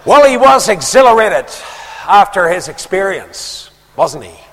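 A man preaching a sermon, reading verses aloud and stopping for quiet, conversational comments. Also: sits high, sing-song, unhurried. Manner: reads verses aloud, then drops into quiet conversational asides. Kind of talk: sermon, reading scripture with asides. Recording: long reverb of a large hall.

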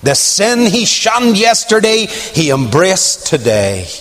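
A man preaching a sermon, telling a story with sudden high swoops of emphasis and hushed low asides. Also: big pitch swings, takes it slowly. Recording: long hall reverb.

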